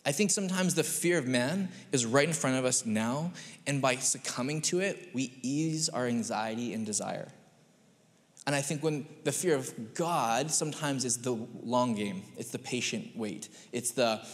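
A man's voice: medium pitch, moderate pace. A man in his thirties, a pastor giving a chatty, story-driven sermon. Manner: chatty, storytelling, animated voices. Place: church sanctuary. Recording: long church-hall reverb.

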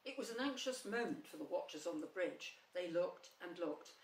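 A woman reading a children's story aloud in a gentle, unhurried storytelling manner. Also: lowish voice, animated. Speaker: storybook reader. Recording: roomy, slightly distant, faint hum.

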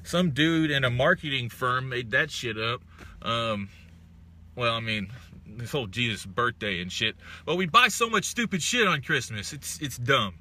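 Young man, casual vlogger, bright edgy voice, profane exasperated rants. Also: mid-range voice, lively intonation, moderate pace. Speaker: vlogger reading live chat. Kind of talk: ranting casual smoke-break chat.

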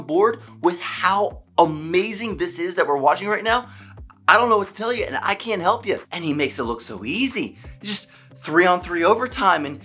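Excitable man recapping a hockey game. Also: high-pitched, normal speed, faint music behind. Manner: animated, emphatic, stumbles over words when excited. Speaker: hockey fan vlogger.

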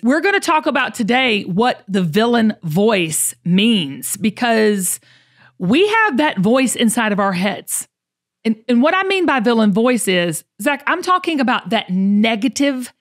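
A woman's voice: fairly high pitch, expressive, unhurried. Folksy woman podcast host. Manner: folksy, emphatic, repeats herself. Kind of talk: casual podcast talk.

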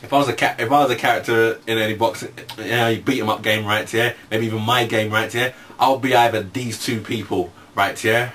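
A man's voice: fairly low pitch, steady tone, fairly quick, few pauses, a bit bright. A young man chatting casually as co-host, slangy, tagging his sentences with "right, yeah?". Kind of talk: casual chat. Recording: distant from the mic, faint background hiss.

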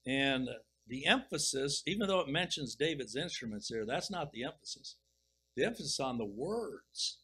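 A middle-aged man preaching, reading scripture slowly and deliberately, then commenting with emphatic swells. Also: mid-range voice, lively intonation, bright, forceful tone, husky, poor audio. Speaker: pastor. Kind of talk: expository sermon reading and explaining scripture.

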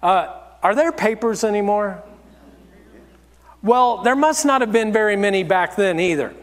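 A man's voice: high voice, lively intonation, measured pace. A man giving a sermon as lead pastor, telling stories in a candid, self-deprecating way. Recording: long hall reverb.

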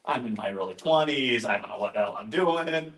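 A man's voice: mid-range voice, animated, fairly quick, a bit bright. A male pastor giving an informal, conversational talk, often interrupting himself with asides and jokes. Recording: roomy echoing room.

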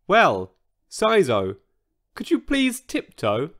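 A man's voice: high-pitched, huge pitch swings, slow, a bit bright, voice pushed up, heavily acted. A man voicing a kind, motherly female iguanodon in a children's storybook. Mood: kindly. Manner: kind, coaxing.

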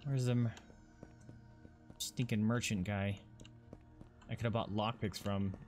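A man doing casual let's-play commentary, swearing and excitable as he talks to himself and his viewers. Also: fairly low pitch, measured pace, faint music behind. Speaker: gaming streamer.

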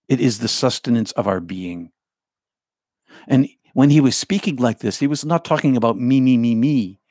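A man giving a reflective spiritual talk as a teacher, in slow, repetitive, incantatory phrases that often drop to a hush. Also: fairly low pitch, no room sound, clean studio sound.

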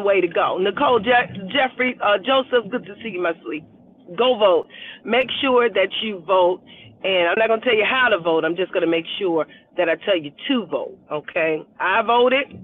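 A woman hosting a casual live stream, greeting viewers one by one by name and laughing often while urging them to vote. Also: on the low side. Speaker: livestream host. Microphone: phone camera held at arm's length. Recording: tinny phone-like audio.

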